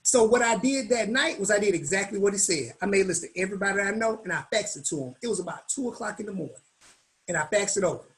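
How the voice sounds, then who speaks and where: A man's voice: sits high, fast talker, poor audio. Colloquial man telling stories. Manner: animated, colloquial, acts out quoted voices. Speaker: guest speaker. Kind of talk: storytelling in a business meetup talk.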